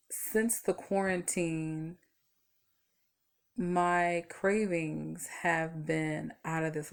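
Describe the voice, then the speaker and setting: A woman's voice: low-pitched, gravelly. A tired woman vlogging casually from home, rambling through stories with lots of fillers. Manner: chatty, rambling storytelling with fillers. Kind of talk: casual talk to camera.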